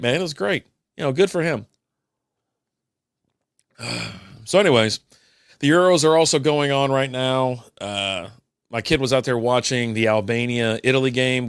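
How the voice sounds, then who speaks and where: A man's voice: medium pitch, a bit bright, no echo, clean studio sound. A man hosting a podcast, chatting casually over a beer and telling rambling, profane stories. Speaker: podcast host.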